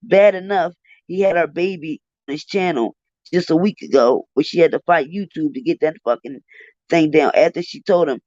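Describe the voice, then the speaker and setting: This exasperated livestream ranter speaks in a slightly high, darkish voice at normal speed, cursing through heated live commentary. The sound is dull, dry lo-fi stream audio with no room sound.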